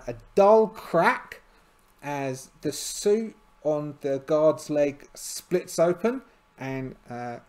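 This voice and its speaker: A man's voice: fairly high pitch, darkish tone. A tired man narrating a solo tabletop game, hesitant and full of fillers and restarts.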